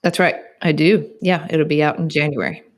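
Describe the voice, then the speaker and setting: A woman's voice: low voice, fairly even intonation, normal speed. A woman guest on a podcast, chatting casually, laughing easily and giving short agreeable replies. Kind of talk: casual interview chat.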